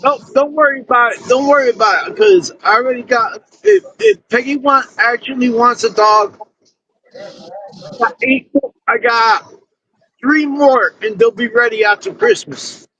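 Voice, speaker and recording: A man's voice: extremely high pitch, lively intonation, moderate pace, sharp tone, highs cut off, slight background noise. A man live-streaming from his car, chatting loosely with friends and viewers in slangy, casual talk.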